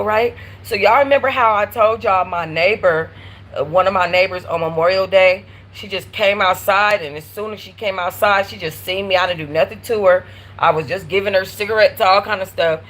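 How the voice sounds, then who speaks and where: A woman with a husky, slightly breathy voice talks on a live stream from home. Her stories come out animated and slangy, full of blunt cursing and asides to her viewers. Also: medium pitch, rough recording. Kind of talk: casual live-stream chat. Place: at home in an apartment.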